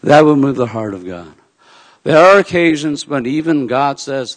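A man preaching a sermon, dropping to a hush and then rising to loud, emphatic peaks. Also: medium pitch, lively intonation, normal speed. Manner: swings from hushed to loud and emphatic. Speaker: pastor. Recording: long hall reverb.

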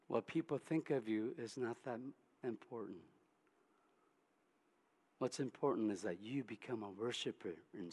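A man voicing a gentle, reassuring male teacher who speaks softly and consolingly within a sermon. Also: mid-range voice, voice pushed down. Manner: soft, slow, consoling. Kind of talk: sermon storytelling.

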